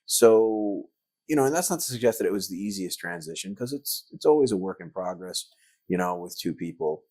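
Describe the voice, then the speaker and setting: Low-voiced middle-aged man telling anecdotes. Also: expressive, brisk, dark tone, no echo. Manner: rambling anecdotes full of filler words. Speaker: guest, actor and filmmaker. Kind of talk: podcast interview storytelling.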